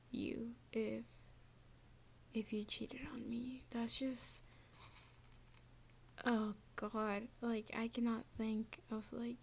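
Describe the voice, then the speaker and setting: Young woman ranting on her podcast, keeps dropping to a whisper, says like a lot, slow talker. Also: on the high side, vocal fry, a little mellow. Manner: often drops to a whisper, lots of "like". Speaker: podcast host. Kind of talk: casual solo rant.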